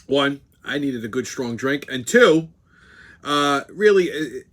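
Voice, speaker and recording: A man's voice: medium pitch, animated, slow pace, a bit bright. A male host, talking bluntly and profanely in casual commentary while mixing a drink.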